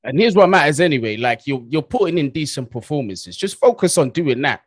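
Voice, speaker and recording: A man's voice: on the high side, very animated, a little fast, breathy edge, dry recording. A man giving frank, opinionated views in a casual football chat.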